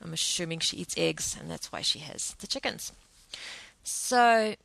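Woman, vlog storyteller, emotional and halting, slight vocal fry. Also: mid-range voice, a bit bright, dry recording. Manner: emotional, hesitant, many restarts. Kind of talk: personal storytime monologue.

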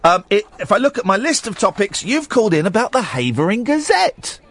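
A man's voice: high-pitched, sing-song, brisk, fairly bright tone, no echo. A man hosting a late-night radio phone-in from a studio, chatty and mock-stern, rambling between callers.

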